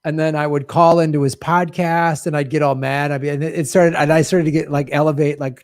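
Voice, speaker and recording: A man's voice: on the high side, fairly quick, hardly any pauses, no room sound, clean studio sound. Chatty man hosting a podcast. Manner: animated storytelling. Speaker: podcast host. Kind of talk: casual chat, reading viewer comments.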